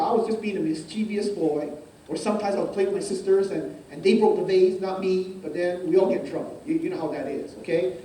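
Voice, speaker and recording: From far off in an echoey church hall with faint ambience and slight background noise, a slightly high-voiced pastor preaches a personal story. He repeats words, stammers, keeps asking "okay?", and acts out scenes in lively fashion.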